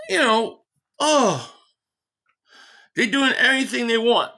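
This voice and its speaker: A man hosting a live game reaction stream, ranting in frustration, stammering and shouting at plays. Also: very high-pitched, animated, unhurried, pauses often.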